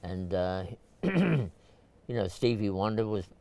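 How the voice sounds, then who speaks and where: Older New man, low smooth voice. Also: very animated, slow, darkish tone. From Brooklyn, New York. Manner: rambling, many fillers and restarts, clears throat often. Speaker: photographer, interview guest. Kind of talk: casual storytelling interview.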